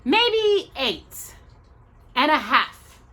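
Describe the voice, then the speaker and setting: A woman's voice: high voice, big pitch swings, drawn-out words, sharp tone, pitched above the performer's own voice, heavily acted. A woman voicing a hungry witch sister who sniffs out children, sly and relishing her words. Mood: gleeful menace.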